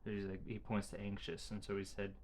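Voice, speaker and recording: A halting, low-voiced man updating his viewers. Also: little pitch movement, a little hiss or hum. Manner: halting, searches for words, often restarts phrases. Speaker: father giving a family update. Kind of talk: casual vlog update. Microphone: camera he adjusts himself.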